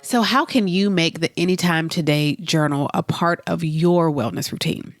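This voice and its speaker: A woman's voice: on the low side, moderate pace, dry recording, studio quality, soft background music. A woman hosting a solo podcast, talking in an earnest, reflective, conversational way, a little congested. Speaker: podcast host.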